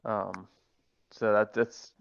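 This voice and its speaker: Brief: player, man with a smooth, low-ish voice, laid-back, dull lo-fi mic. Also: flat delivery, slow. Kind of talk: casual tabletop game chat.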